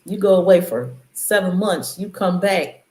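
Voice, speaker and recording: A woman's voice: lowish voice, lively intonation, measured pace, dark tone. Woman preaching casually in an echoey room. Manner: loose, conversational, preachy riffs. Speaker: channel host. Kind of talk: casual spiritual commentary.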